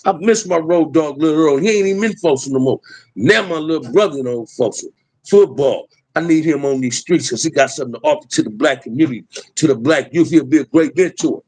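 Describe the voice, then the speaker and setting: A man's voice: fairly high pitch, brisk, darkish tone, slightly rough, dry recording, rough recording. A middle-aged man, talking emphatically in a preachy street style as host of a livestream. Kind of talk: impassioned livestream talk.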